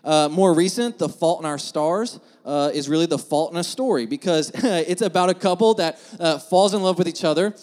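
High-voiced man preaching in a reverberant church. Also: moderate pace, hardly any pauses. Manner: casual, joking, animated storytelling. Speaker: pastor. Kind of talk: storytelling sermon. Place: church sanctuary. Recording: long hall reverb in a church.

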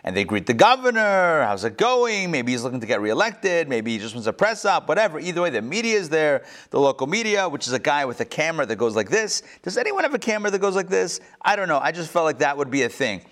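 A middle-aged man leads an evening class, with a fairly high voice for a man. He tells stories, cracks jokes and keeps checking whether his listeners are with him. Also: fast talker, hardly any pauses. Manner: animated storyteller, joking and asking the class questions. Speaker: class instructor. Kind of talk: lecture with jokes to a live class.

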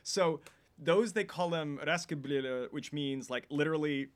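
A man's voice: a little high, moderate pace. A man co-hosting a casual film podcast, telling rambling stories and interrupting himself. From United States. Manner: rambling, self-interrupting storyteller. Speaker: podcast co-host. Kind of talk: casual chat about films.

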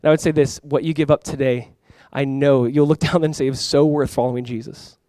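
A man's voice: medium pitch, steady tone, brisk, dark tone, dry recording. A man preaching a sermon as pastor, conversational and emphatic, talking to the congregation and inviting them to respond. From California.

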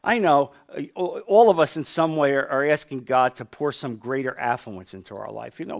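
A middle-aged male pastor from New Jersey preaching a sermon, swinging from loud to quiet with emphasis. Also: medium pitch, moderate pace, creaky.

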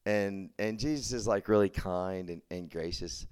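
A man's voice: low voice, moderate pace, darkish tone, clean tone. A young man from Texas, preaching a casual youth sermon, chatty and full of "like" and restarts. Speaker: campus ministry preacher.

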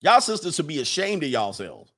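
A man's voice: fairly high pitch, very animated, fairly quick, a bit bright, husky. A man hosting a livestream, reading viewer chats and riffing in a rambling, joking way. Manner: rambling, joking, breaks into laughter and mock voices. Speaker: livestream host. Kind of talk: casual comedic commentary reading viewer chats.

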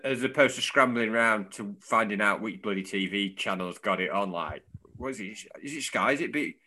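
A man's voice: fairly low pitch, fairly quick, a little hiss or hum. A man, chatting casually and jokily as a football podcast co-host. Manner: animated, jokey, laughs often.

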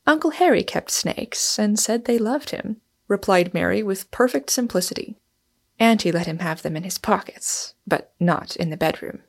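A woman's voice: mid-range voice, expressive, moderate pace, creaky. A woman reading a novel aloud, voicing a hearty, plain-spoken young wife who talks lightly and bluntly. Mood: brisk.

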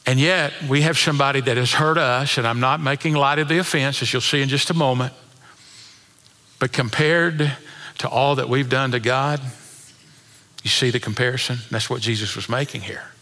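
A man's voice: mid-range voice, steady tone, moderate pace, pushed and bright. Preaching man in a reverberant church. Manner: preaching with swelling emphasis, reading scripture aloud. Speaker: pastor. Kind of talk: sermon.

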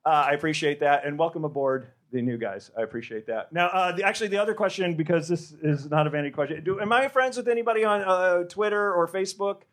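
A man's voice: fairly high pitch, fast, few pauses, a bit bright. A man from the United States hosting a live podcast on stage, joking loosely and profanely with the crowd and stumbling through many restarts. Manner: rambling, with many stammered restarts. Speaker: podcast host. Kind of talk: live podcast stand-up banter. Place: stage before a live audience.

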